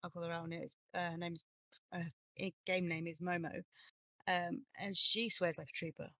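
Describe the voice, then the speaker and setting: A woman co-hosting a casual talk show, relaxed and talkative with frequent laughter. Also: lowish voice, normal speed, no room sound, dull audio. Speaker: co-host. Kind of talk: casual chat.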